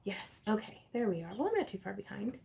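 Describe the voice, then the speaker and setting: A woman's voice: medium pitch, sing-song, fast talker, gravelly, darkish tone. A woman hosting a casual crafting livestream from her home craft space, chatting in a bubbly, giggly way and reading viewer comments aloud.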